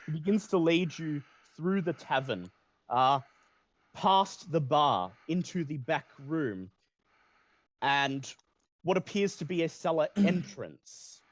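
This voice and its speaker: A man running a tabletop game as game master, narrating slowly and deliberately. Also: on the high side, expressive, no echo.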